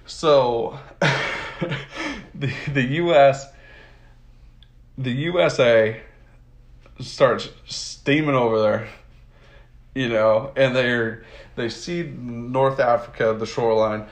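A man's voice: mid-range voice, takes it slowly, long pauses. Casual male host from the US, slangy and chatty, lots of fillers; roomy, echoing sound. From United States. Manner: rambling, full of "like" and laughs, slangy. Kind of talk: casual history retelling. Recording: roomy echo.

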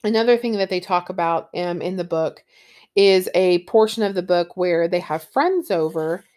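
A woman's voice: fairly low pitch, normal speed, darkish tone. Eager woman talking books. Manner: enthusiastic, with fillers like um and you know. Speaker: book reviewer. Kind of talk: casual book talk and reading aloud.

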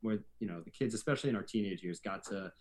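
Hesitant man reminiscing about camp. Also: on the low side. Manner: halting, repeats himself, many fillers. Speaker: guest, former camper. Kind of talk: casual reminiscing chat.

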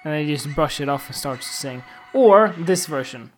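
A man hosting a podcast, telling funny everyday stories in a loose, animated and crude way, often laughing at himself. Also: a little high, normal speed, faint music behind. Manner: animated, giggly, crude, self-mocking. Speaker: podcast host. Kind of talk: casual comic storytelling.

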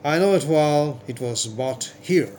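A man's voice: on the high side, animated, measured pace, a little mellow, slight background noise. A man voicing a wary, formal jeweler. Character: businesslike male jeweler, sharp and wary.

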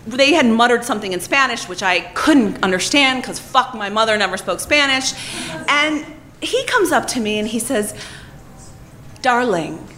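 A woman telling a comic personal story on stage, profane and animated, laughing as she talks. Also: fairly high pitch, moderate pace.

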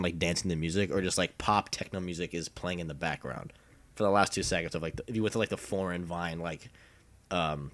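A young man with a very low voice chats loosely with a friend. He swears casually and often lets his sentences sink into quiet mumbles. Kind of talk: casual chat.

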